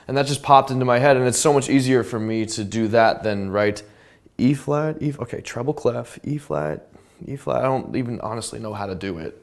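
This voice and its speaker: A man, a songwriter and producer, casually talking through how he built a track, humming and scatting notes as he goes. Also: fairly low pitch. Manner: relaxed, chatty, filler-heavy, hums and scats notes. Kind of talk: casual studio breakdown. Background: music tracks playing.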